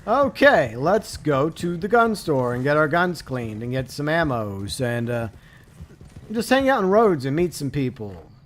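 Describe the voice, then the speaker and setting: A high-pitched man talks over a live game stream. He jokes in a mock-sentimental tone and then bursts into loud, outraged exclamations. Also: big pitch swings, a little slow, slight background noise. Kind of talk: live gameplay commentary.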